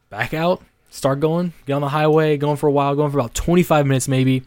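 A man's voice: on the high side, fast, darkish tone, no room sound. A young man co-hosting a podcast, telling a story in a rambling way with lots of swearing, restarts and "like" fillers. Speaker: podcast co-host. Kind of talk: casual storytelling.

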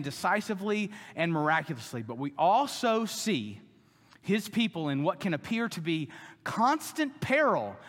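A man's voice: high voice, a bit bright. A man preaching a sermon with emphatic delivery, now and then voicing the people in the story. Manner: emphatic preaching, voices the grumbling Israelites. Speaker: pastor. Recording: long hall reverb.

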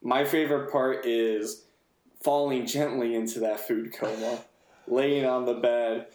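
A man's voice: medium pitch, fairly even intonation, unhurried, a little mellow, a little hiss or hum. Podcast dude cracking jokes, mid voice, roomy echo on his mic. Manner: joking, teasing, mock-serious. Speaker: podcast co-host. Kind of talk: casual chat.

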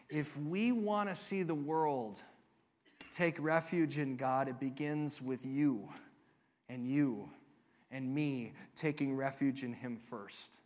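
A man with a notably high voice delivers a sermon. He tells a story to his congregation, swelling to emphatic peaks before easing into a soft, quiet close. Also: slow. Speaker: pastor.

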